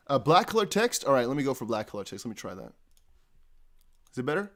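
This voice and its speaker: A man's voice: a little high, animated, fast talker. A man hosting a casual live stream, chatty and jokey, thinking aloud with many fillers. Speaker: crypto livestream host.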